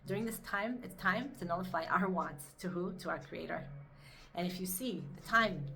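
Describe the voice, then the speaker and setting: Bright-voiced woman telling an animated story. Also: lowish voice, moderate pace. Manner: animated storytelling, rising to excited peaks. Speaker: Torah teacher. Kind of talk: inspirational talk to camera.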